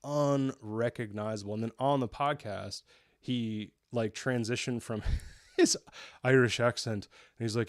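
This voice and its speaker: A man's voice: medium pitch, steady tone, moderate pace, no room sound, studio quality. A young man from the New area, chatting casually and enthusiastically as a show reviewer, often restarting his sentences. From New York area. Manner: rambling, self-correcting, enthusiastic.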